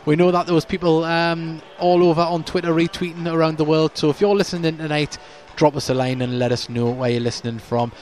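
A man's voice: on the high side, flat delivery, fairly quick, hardly any pauses, darkish tone. A man hosting a club podcast, giving chatty pre-match commentary from a stadium stand and stumbling a little over names.

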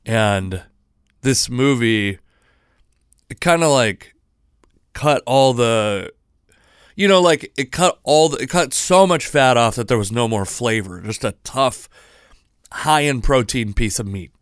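A man's voice: mid-range voice, animated, takes it slowly, long pauses, clean tone, dry recording, studio quality. A man in his thirties hosting a casual solo podcast, rambling with lots of restarts and self-deprecating asides. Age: 30s. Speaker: podcast host.

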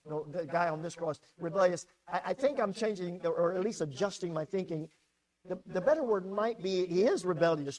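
A male pastor delivering a sermon in an emphatic, animated way. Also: sits high, rough recording.

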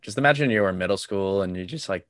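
A man's voice: low voice, quick pace, a bit bright, no echo, clean studio sound. A young man in casual chat, joking and teasing. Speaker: podcast co-host.

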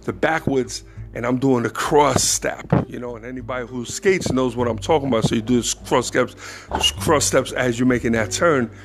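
A man's voice: mid-range voice, normal speed, noisy background. A man hosting a podcast and telling a personal story in a casual, slangy, self-mocking way, often breaking into laughter. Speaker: podcast host.

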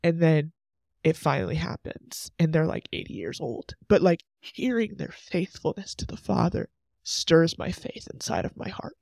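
A man's voice: a little high, lively intonation, moderate pace, vocal fry, a little mellow, no echo, clean studio sound. A man in his twenties hosting a faith podcast, talking earnestly and emotionally in a chatty way, full of "like" asides. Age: 20s. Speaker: podcast host.

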